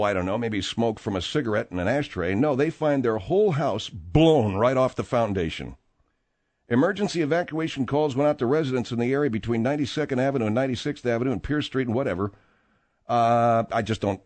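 Expressive, rambling male radio host. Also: mid-range voice. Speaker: radio talk show host. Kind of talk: comedy talk radio.

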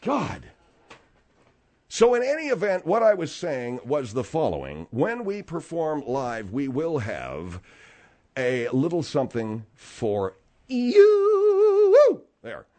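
A man hosting a comic on-air back-and-forth, sarcastic and teasing. His pitch swoops widely from deep mutters to sudden highs, never staying flat for long. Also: a little slow.

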